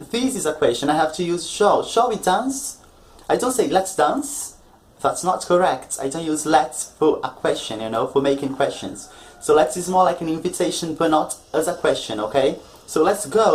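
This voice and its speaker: A man's voice: fairly high pitch, slight background noise, poor audio. A man teaching an online English lesson, explaining patiently and often checking in with the viewer.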